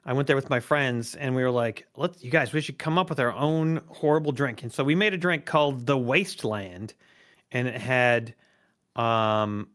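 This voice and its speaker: A man's voice: medium pitch, normal speed, fairly bright tone. A man playing a tabletop game, wry and swearing casually as he chats. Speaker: player.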